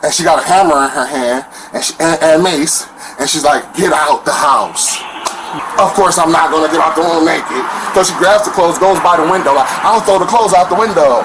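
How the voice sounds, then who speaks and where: Man, slightly high voice, rambling and apologetic with police, noisy bodycam recording. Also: brisk, hardly any pauses. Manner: rambling, repeats himself, frequent apologies. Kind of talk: rambling retelling of a domestic dispute. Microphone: officer's bodycam.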